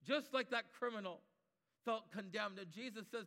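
High-voiced preacher man in a reverberant hall. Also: moderate pace, pushed and bright. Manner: repetitive emphatic preaching cadence. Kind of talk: sermon.

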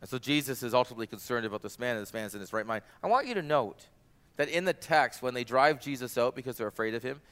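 Male pastor, sermon delivery, bright tense tone, animated. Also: mid-range voice, fast talker, smooth. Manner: animated, rises loud for quoted cries.

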